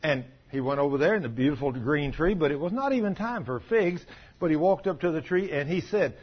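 Folksy preacher, husky voice. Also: male voice, a little high, lively intonation, brisk. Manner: folksy storytelling, acting out quoted voices. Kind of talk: sermon. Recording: dull lo-fi recording.

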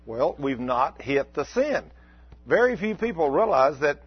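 A man, preaching a folksy, animated sermon. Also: fairly high pitch, a little slow, slightly rough, no echo. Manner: folksy, animated, acts out mock complaints. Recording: dull lo-fi recording.

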